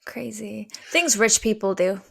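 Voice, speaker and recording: A woman co-hosting a podcast, with a mid-pitched voice full of vocal fry. She chats casually and mostly reacts in short bursts. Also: a little slow, a bit bright. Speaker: podcast co-host. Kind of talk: casual chat.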